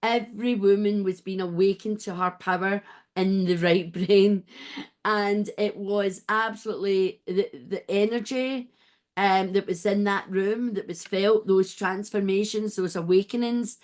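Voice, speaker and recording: A woman hosting an interview podcast, chatting in a rambling, warm way with many restarts. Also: medium pitch, fairly even intonation, moderate pace. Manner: warm, rambling, gets emotional and laughs. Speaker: podcast host. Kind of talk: casual interview chat.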